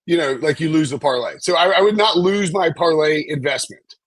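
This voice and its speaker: Rambling male betting analyst; husky, slightly high voice, dry close sound. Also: fairly quick, no echo. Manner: rambling, hesitant, lots of fillers and restarts. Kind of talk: casual live-stream betting chat.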